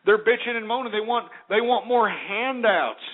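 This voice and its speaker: A man hosting a call-in radio show, ranting in a blunt, crude way. His voice sits fairly high for a man. The sound is squeezed and tinny like a phone line. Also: normal speed. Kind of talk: call-in radio talk monologue. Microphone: internet radio call-in show. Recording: narrow phone-like low-fi audio.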